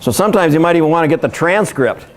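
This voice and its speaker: A man's voice: on the high side, expressive, fast talker. A man giving a live seminar presentation, joking and speaking directly to his audience. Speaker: workshop speaker.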